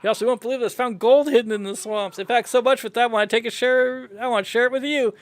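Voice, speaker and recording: A man with a notably high speaking voice plays through a story game. He reads every character's lines aloud in his own playful manner, in a casual, off-the-cuff playthrough style. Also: steady tone, fast, dry recording. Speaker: gamer reading dialogue aloud.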